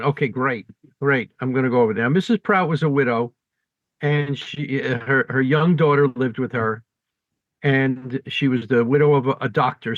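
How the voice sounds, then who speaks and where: A man's voice: medium pitch, no room sound. Man on a dull lo-fi podcast mic. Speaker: podcast co-host. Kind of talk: casual storytelling chat.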